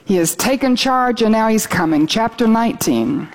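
A woman's voice: a little high, animated, moderate pace, hardly any pauses. A woman preaching a sermon, earnest and rising to exultant as she reads scripture aloud.

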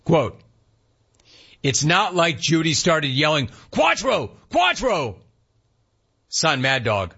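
Man, sports talk host, husky, lively pitch, rhetorical ranting, muffled lo-fi audio. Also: takes it slowly, long pauses. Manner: animated, rhetorical, ranting questions. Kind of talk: opinionated sports talk, reading chat. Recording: dull lo-fi sound.

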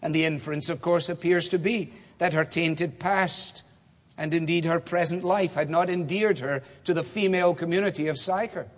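A man preaching in a large church hall, his voice carrying a long reverb. He talks in a measured, emphatic way, pausing on rhetorical questions. His voice sits a little high for a man. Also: fairly even intonation. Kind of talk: expository sermon.

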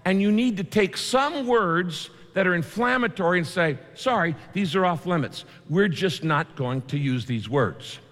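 A man preaching a sermon in a conversational way, with vivid asides and quick shifts in delivery. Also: high-pitched, animated, a bit bright. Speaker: pastor. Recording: long hall reverb.

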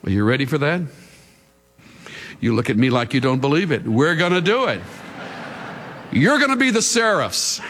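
Dramatic preacher in a large echoing hall. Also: male voice, fairly high pitch. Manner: dramatic, drawn-out delivery that builds to shouting. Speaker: pastor. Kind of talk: sermon. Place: large church before a congregation. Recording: hall reverb, faint music.

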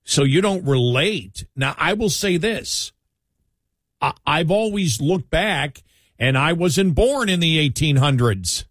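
A man's voice: a little high, expressive, takes it slowly, fairly bright tone, dry recording, clean studio sound. Rambling, reflective man in casual chat. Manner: rambling, reflective, with many restarts.

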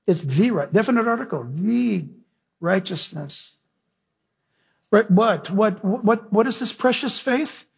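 A man's voice: high voice, expressive, slow, creaky, breathy edge. A man preaching a sermon emphatically, often asking the congregation questions.

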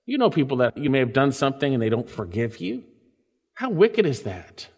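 A pastor preaching a sermon, swinging between loud and soft and slowing down to stretch out quoted scripture. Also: male voice, mid-range voice, big pitch swings, husky, big-room sound.

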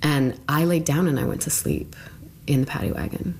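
A woman's voice: sits low, big pitch swings, normal speed, vocal fry, darkish tone, slight background noise. A young woman telling her own story in an interview, rambling and full of fillers. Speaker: interviewee recounting her arrest.

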